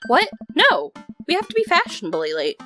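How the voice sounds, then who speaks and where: A woman's voice: high voice, wildly swooping pitch, normal speed, soft background music, voice pushed up, heavily acted. A woman voicing a cheeky, bubbly teenage daughter with a teasing manner. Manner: bright, bouncy, teasing.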